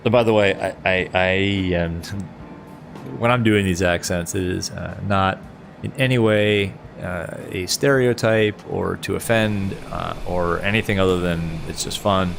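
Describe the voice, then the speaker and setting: Gravelly low-voiced streamer guy. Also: fairly even intonation, measured pace, a little hiss or hum. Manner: chatty, laughs often, answers chat. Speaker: flight sim streamer. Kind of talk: casual live-stream chat.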